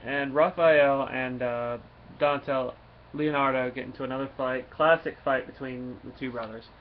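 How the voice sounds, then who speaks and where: Male comic reviewer, casual and rambling, full of fillers; mid-pitched voice, faint background noise. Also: fairly even intonation, moderate pace. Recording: dull lo-fi recording, faint noise.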